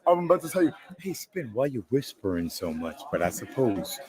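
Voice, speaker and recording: A man co-hosting a live stream from a convention lounge, loud and theatrical, slipping into shouting. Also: mid-range voice, big pitch swings, a little fast, a crowd in the background, low-quality recording. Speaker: livestream co-host. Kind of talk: rowdy live stream banter.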